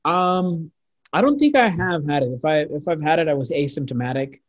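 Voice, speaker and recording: A man's voice: a little high, lively intonation, normal speed, muffled recording. A man in his twenties telling party stories in casual chat, rambling with lots of restarts and swearing. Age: 20s. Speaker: guest.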